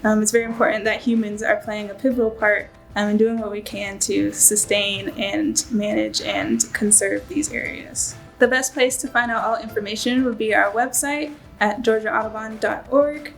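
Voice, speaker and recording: A woman's voice: mid-range voice, fairly even intonation, normal speed, vocal fry, few pauses, soft background music, poor audio. A woman presenting for a conservation group, explaining steadily with frequent fillers. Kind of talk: informational presentation.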